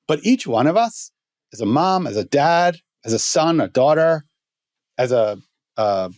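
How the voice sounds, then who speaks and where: A man telling a story as a guest on a podcast, halting with many restarts. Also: medium pitch, darkish tone, dry recording, studio quality.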